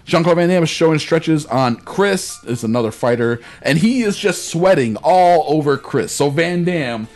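A man with a fairly high voice hosts a podcast, telling stories in a loose, animated way and swearing freely. Faint music plays underneath him. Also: normal speed, hardly any pauses. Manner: animated, profane anecdote telling. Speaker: podcast host. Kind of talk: casual storytelling chat.

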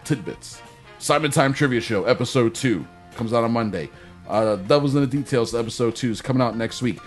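A man's voice: mid-range voice, fairly quick, faint music behind. Rambling male podcast host. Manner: rambling, self-correcting plugs. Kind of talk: casual podcast chat.

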